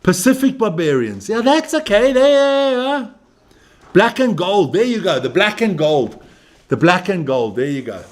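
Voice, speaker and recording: A man's voice: high voice, sing-song, moderate pace. A man hosting a live stream as he watches a rugby match, joking, swearing and chatting with viewers and with people in the room. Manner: brash, profane, joking banter.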